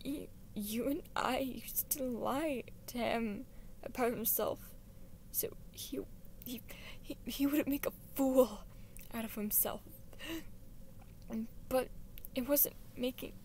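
A woman's voice: high-pitched, takes it slowly, slight background noise. A woman voicing a strained anxious young man. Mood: pleading. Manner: strained, through clenched teeth.

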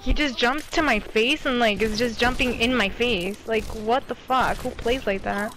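A woman gamer complaining about the match in a slightly high voice. She swears freely and sounds fed up with how others play. The talk is loose, casual chat between rounds. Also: normal speed, background noise. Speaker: gamer playing alongside.

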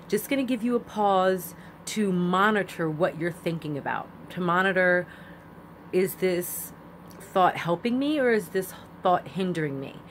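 An astrology vlogger with a lowish voice gives a chatty, repetitive spiritual astrology talk with emphatic phrasing. It's a casual spiritual monologue, with slight background noise.

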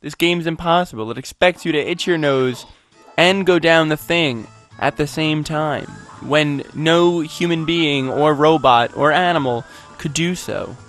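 A man's voice: on the high side, unhurried, a bit bright, faint music behind. A man playing a video game and narrating it in a rambling, goofy, self-mocking way, with sudden outbursts. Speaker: let's play gamer. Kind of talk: game commentary.

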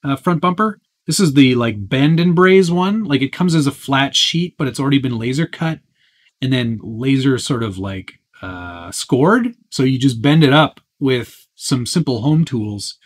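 A man's voice: medium pitch, expressive, a little slow. A man hosting a live-stream Q&A, chatting casually and answering viewer questions as they come in.

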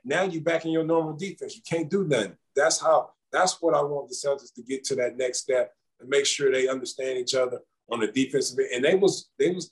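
A man's voice: medium pitch, rough recording. Laid-back man chatting. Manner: relaxed, laid-back slang, repeats words. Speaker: guest, former basketball champion. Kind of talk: casual interview chat.

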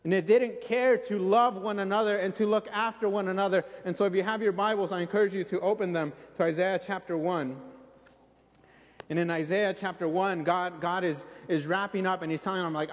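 A man's voice: sits high, steady tone, fairly quick. A man preaching a sermon in an earnest, pleading way, often repeating himself for emphasis. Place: church sanctuary. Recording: dull recording in a reverberant church.

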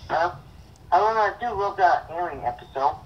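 A young man co-hosting a casual chat, speaking haltingly with repeated words and blunt opinions. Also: high voice, animated, far from the mic, lo-fi sound. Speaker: co-host.

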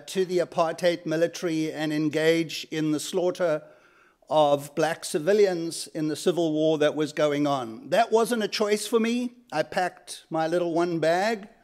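A man's voice: fairly high pitch, fairly even intonation, darkish tone. South African man moderating a panel. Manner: many fillers, halting, earnest. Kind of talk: panel introductions and personal story. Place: lecture hall.

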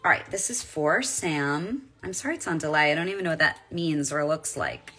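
A woman's voice: sits low, lively intonation, normal speed, fairly bright tone, breathy edge, faint music behind. A woman in her forties, a voice actress chatting casually on a live stream while signing autographs and reading fan comments aloud. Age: 40s.

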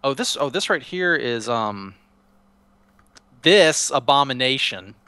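A man gives a friend a loose, rambling tour of a block-building game world and keeps restarting his sentences. His voice sits at a middling pitch. The sound is dry and close, with no room echo. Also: lively intonation, slow, bright, forceful tone, clean tone. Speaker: Minecraft server co-player. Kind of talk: casual gameplay chat.

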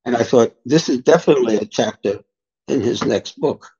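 Older male spiritual teacher, mellow husky voice, dull lo-fi sound, unhurried storyteller. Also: mid-range voice. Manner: unhurried, reflective anecdotes. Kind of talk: storytelling in a podcast interview.

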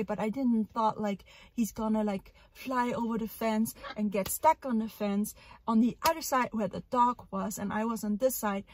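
A young woman retells a frightening incident outdoors in a park in a casual vlog. She sounds shaken and emotional and breaks into loud outbursts. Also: on the high side, dry recording. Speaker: parrot vlogger.

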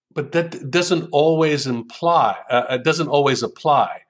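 Appearing as an interview guest, an older American author and writing coach talks slowly and deliberately, explaining with examples in a conversational way. His middle-pitched voice often pauses on ums as he thinks, and he relishes each quoted sentence he reads aloud.

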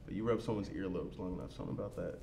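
Low-pitched bachelor heard from away from the mic, hesitant rambling. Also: male voice, very fast, gravelly, distant mic, background noise. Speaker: dating game contestant.

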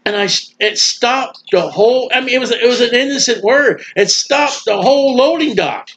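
A man preaching a sermon in a folksy, animated way, acting out the voices of people he quotes. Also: very high voice, moderate pace, breathy edge. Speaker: street preacher.

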